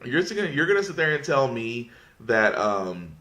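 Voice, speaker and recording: A man's voice: mid-range voice, sing-song, moderate pace, sharp tone. A man hosting a casual podcast, mocking his subject, rambling and restarting often as he fights off laughter. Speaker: podcast host.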